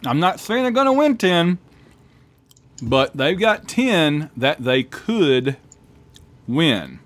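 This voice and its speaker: A man's voice: fairly high pitch, big pitch swings, takes it slowly, a bit bright. A man co-hosting a casual sports chat, playful and joking. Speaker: podcast co-host.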